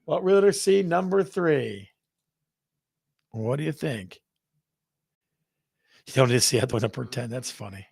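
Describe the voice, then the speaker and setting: Gravelly-voiced man hosting a chatty livestream. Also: mid-range voice, expressive, a little slow, long pauses, a little mellow, dry recording, clean studio sound. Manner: playful, reads out chat, counts down aloud. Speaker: real estate show host. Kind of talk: casual livestream chat.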